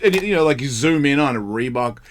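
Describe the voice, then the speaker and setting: A man's voice: medium pitch, animated, fairly quick. A man hosting a radio talk show, chatting loosely and swearing freely, often mimicking people in exaggerated voices. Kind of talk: casual studio banter. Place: radio studio.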